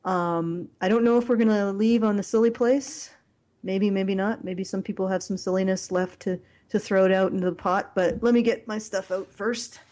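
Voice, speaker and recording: Woman host on a chatty podcast, mid pitch, rambles and trips over her words a lot. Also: steady tone, a little mellow. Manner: rambling, halting, many fillers. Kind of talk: casual podcast chat.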